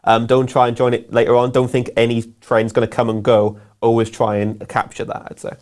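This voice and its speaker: Fast-talking man co-hosting a business show. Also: mid-range voice, completely flat delivery, darkish tone. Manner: quick, laughing, filler-heavy. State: losing his voice a little. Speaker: co-host. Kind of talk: casual business chat.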